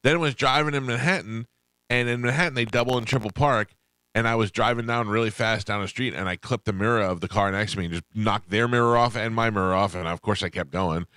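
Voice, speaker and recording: Man, middle-aged, radio host, low voice, very fast, dry studio sound, casual storytelling. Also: sharp tone, smooth, no room sound. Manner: rapid anecdotes, acts out quoted voices.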